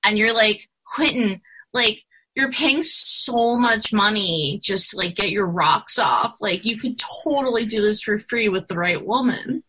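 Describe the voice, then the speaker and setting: A woman's voice: mid-range voice, unhurried, pushed and bright, slightly rough, poor audio. A woman guesting on a podcast in casual chat, blunt and sarcastic, swearing freely.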